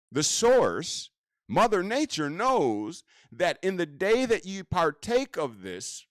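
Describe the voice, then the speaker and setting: A man teaches casually, speaking slowly and stretching out his words while his pitch rises and falls widely. He repeatedly poses rhetorical questions to the listener, captured in a dry, clean studio recording.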